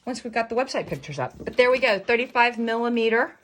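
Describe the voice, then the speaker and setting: A woman's voice: on the high side, expressive, fast, a bit bright. A woman hosting a casual sewing tutorial, rambling and joking at her own expense as she works. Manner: rambling, self-mocking, jokey asides. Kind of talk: casual chatty craft tutorial.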